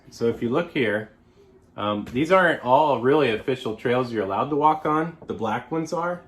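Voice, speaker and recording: Middle-aged male presenter, slightly low pitch, informal and rambling, keeps correcting himself. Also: slight background noise. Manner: rambling, pauses often to restate himself. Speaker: local resident presenting a trail plan.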